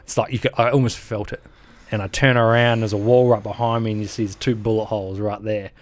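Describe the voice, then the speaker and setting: Interviewed about his time in the army, an Australian-accented veteran in his thirties spins war stories at a quick pace in a fairly low voice. He's animated, voicing sounds and quotes and laughing through it all.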